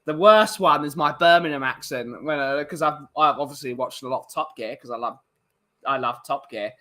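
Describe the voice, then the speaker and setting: A man's voice: mid-range voice, moderate pace, pushed and bright. A man chatting casually on a live stream, rambling with lots of fillers.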